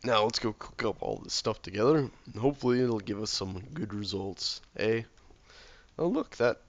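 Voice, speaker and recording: Hoarse man muttering over gameplay. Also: on the low side, moderate pace, lo-fi sound. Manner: mutters to himself, often drops to a soft, near-whispered voice. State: hoarse from illness. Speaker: gameplay video maker. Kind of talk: relaxed gameplay commentary.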